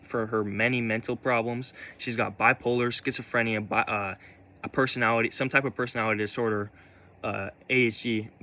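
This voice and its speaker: A young man speaks at a middle pitch, neither high nor low, as he retells something painful from his own life. His speech is halting and full of false starts and repeated words, with the odd swear slipping out. He sounds shaken and upset as he talks straight to his viewers. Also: a bit bright. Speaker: vlogger. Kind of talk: casual personal storytelling.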